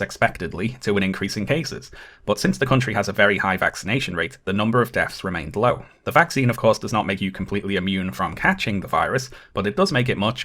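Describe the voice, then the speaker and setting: Male essayist, quick and low-pitched, reads a script with measured skepticism. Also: fairly bright tone. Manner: measured, dryly critical. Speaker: video essayist. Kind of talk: scripted video essay narration.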